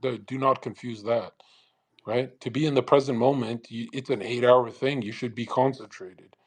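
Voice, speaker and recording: A brash man hosting a live audio chat, talking fast and profanely and mocking others with put-on voices. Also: mid-range voice, steady tone. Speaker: host of a live audio space.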